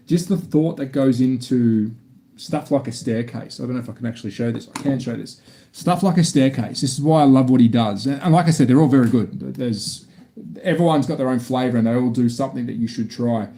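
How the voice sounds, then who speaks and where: A man's voice: mid-range voice, mellow. A man from Australia with an Australian accent, chatting casually on a live stream while building a model kit, rambling and restarting often.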